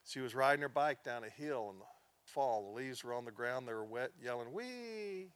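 A man's voice: medium pitch, steady tone, brisk, fairly bright tone, clear, resonant tone. A middle-aged male pastor teaching a class, who tells stories earnestly, sinks to a near-whisper at sad points and rises for emphasis. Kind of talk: sermon-style teaching.

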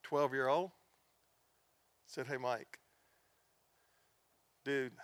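A man's voice: mid-range voice, moderate pace, pauses often, fairly bright tone, no echo. A middle-aged male pastor teaching a class, who tells stories earnestly, sinks to a near-whisper at sad points and rises for emphasis. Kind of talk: sermon-style teaching.

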